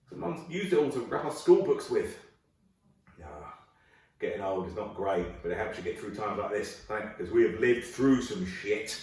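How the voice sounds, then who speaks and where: A man's voice: mid-range voice, big pitch swings, brisk. A man doing a crude, chatty stand-up comedy set from home. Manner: chatty, crude, swaps into character voices. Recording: echoey room, distant mic.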